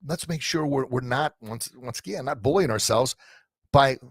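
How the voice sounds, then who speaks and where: A middle-aged man of ordinary pitch hosts a live podcast stream in front of a camera mic. He rambles heartfelt, full of fillers and restarts. The sound is dry and close. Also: moderate pace, dry recording. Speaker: podcast host and coach. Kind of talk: live-streamed casual talk to listeners. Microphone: camera mic in front of him.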